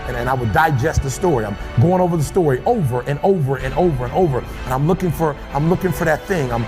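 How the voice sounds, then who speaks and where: A man with a high voice delivers a fiery, preacher-like motivational speech. He hammers the same phrases again and again, surging to shouts and dropping to an intense hush. Faint music plays behind him. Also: expressive, fast. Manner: preacher-like, repetitive, swings between shouting and hushed intensity. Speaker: motivational speaker addressing a football team.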